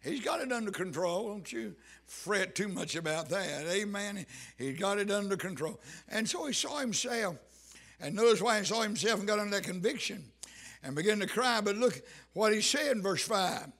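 A man preaching a sermon, fervent and dramatic, swinging from shouted proclamations down to hushed, near-whispered lines. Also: sits high, expressive, normal speed.

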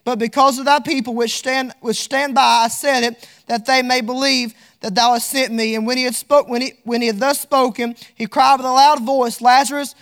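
A man's voice: very high voice, little pitch movement, moderate pace, hardly any pauses, fairly bright tone. A man preaching a sermon, fervent and repetitive, lapsing into a sing-song cadence as he reads scripture.

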